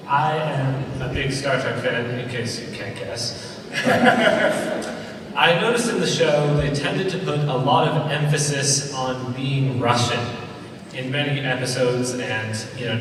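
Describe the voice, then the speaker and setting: A man's voice: mid-range voice, a bit bright. A man in the audience, a fan, politely asking a panel guest a question. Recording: echoey hall, distant mic.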